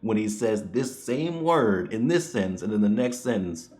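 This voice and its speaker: A man with a low voice talks through a bad movie in a loose, casual way. He rambles with plenty of "like" and "um," and chuckles at his own points. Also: animated, normal speed, darkish tone. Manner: rambling, with frequent chuckles and fillers. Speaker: movie reviewer. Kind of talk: casual spoken review.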